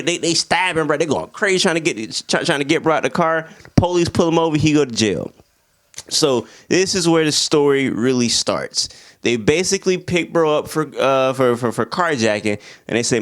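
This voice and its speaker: A man's voice: on the high side, normal speed. A man giving a casual, slangy film review, acting out the scenes as he retells them. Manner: animated, slangy, acts out scenes in voices.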